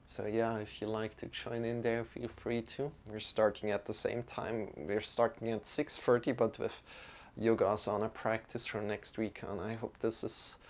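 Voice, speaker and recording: A man leading a yoga lesson, speaking in a relaxed, friendly way with some fillers as he explains what comes next. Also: medium pitch. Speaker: yoga teacher. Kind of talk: guided yoga and mantra chanting lesson.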